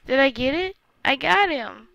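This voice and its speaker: High bright-voiced woman gamer. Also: expressive, normal speed, gravelly, dry recording, highs cut off. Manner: chatty, talks to viewers, frequent exclamations. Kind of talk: let's-play commentary.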